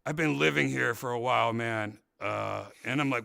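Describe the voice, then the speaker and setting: A man hosting a casual talk show, rambling through a story and loudly acting out what people said. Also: medium pitch, moderate pace, gravelly, hardly any pauses, dry recording, studio quality. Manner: rambling, animated, acts out quotes loudly. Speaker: podcast host.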